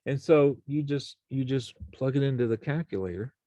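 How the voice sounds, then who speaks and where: A man's voice: mid-range voice, normal speed, warm tone, dry recording. A man teaching a college algebra class, explaining each step and checking in with his students. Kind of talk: classroom math lecture.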